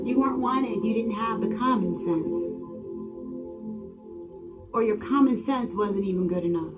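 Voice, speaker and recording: A woman giving a spiritual monologue, full of dramatic rhetorical questions and swinging between loud exclamations and hushed tones. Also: fairly high pitch, unhurried, long pauses. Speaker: channel host. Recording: singing bowl music underneath. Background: singing bowl music.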